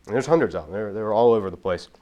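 A man with a fairly low voice gives a casual Bible lesson. He explains things at length and doubles back on his words as he thinks. The delivery is conversational rather than preached. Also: expressive, very fast, highs cut off, a little hiss or hum. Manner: explanatory, with frequent restarts and repeated words. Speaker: Bible teacher. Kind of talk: casual teaching talk.

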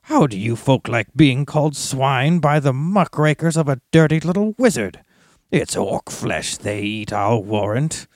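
A man voicing a sneering, scheming male orc messenger in a read-aloud book excerpt, mocking in a high put-on voice. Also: lively intonation, a little slow, dry recording, clean studio sound.

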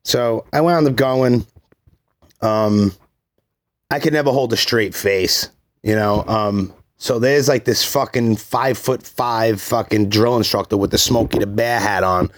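A man's voice: fairly low pitch, measured pace. Profane, rambling man. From Brooklyn, New York. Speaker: podcast host telling his life story. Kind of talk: casual solo storytelling.

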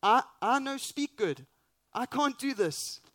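A man voicing Moses as timid and doubting, with halting, broken speech. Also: extremely high pitch, animated, sharp tone, no room sound, studio quality, voice pushed up, exaggerated voice. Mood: anxious.

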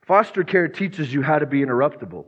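A man's voice: on the high side, lively intonation, fast talker. A man preaching a sermon as pastor, earnest, now and then acting out quoted voices. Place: church sanctuary. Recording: muffled sound with long church reverb.

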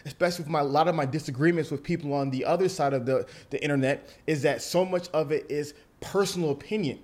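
A young man hosting a podcast, talking in an animated, emphatic way and often repeating words as he builds up a point. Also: fairly high pitch, fast talker. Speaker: podcast host. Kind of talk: casual podcast conversation.

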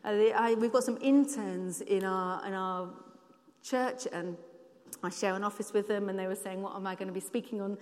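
A woman's voice: mid-range voice, steady tone, normal speed, darkish tone. A woman giving a church sermon, telling personal stories in an earnest, conversational way. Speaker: church speaker. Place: church hall. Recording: long hall reverb.

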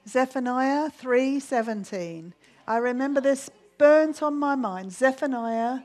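A woman teaching at a church meeting, lively and animated, laughing easily and sinking to a soft hush when she prays. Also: high-pitched, takes it slowly. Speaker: Bible teacher. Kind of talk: sermon with closing prayer.

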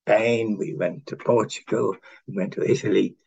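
An older man from Ireland, low-voiced and husky, tells rambling stories as an interview guest. He stops and restarts often, chuckling along the way. The sound is dull and lo-fi. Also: fairly even intonation, a little mellow. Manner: halting, full of restarts and chuckles. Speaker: interview guest, former honorary consul. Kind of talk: rambling anecdotal conversation.

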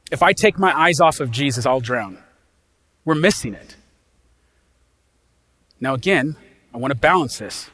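A pastor delivering an impassioned sermon in a folksy, casual way, swinging from loud emphasis to hushed quiet. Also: male voice, medium pitch, animated, unhurried, pauses often.

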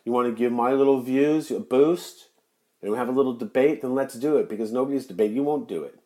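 A man's voice: medium pitch, fairly quick, mellow. A man hosting his own podcast, delivering an angry, profane, mocking rant straight to the listener. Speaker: podcast host.

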